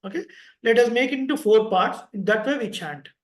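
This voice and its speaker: A man with an Indian English accent leading an online sloka class, chanting slowly and explaining pronunciation with patience. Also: very high voice, echoey room, rough recording. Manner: slow drawn-out chanting, patient spelling-out of sounds. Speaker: chanting teacher.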